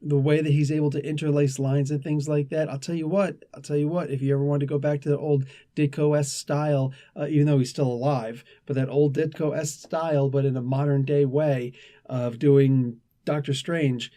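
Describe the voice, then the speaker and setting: A man's voice: fairly high pitch, level tone, moderate pace, mellow. A man hosting a casual comic book review, talking in a chatty, rambling way with asides and restarts.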